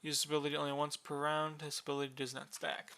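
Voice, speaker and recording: A man casually explaining the rules of a board game unit, relaxed and drowsy, with many fillers and yawns. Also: a little high, fast, creaky.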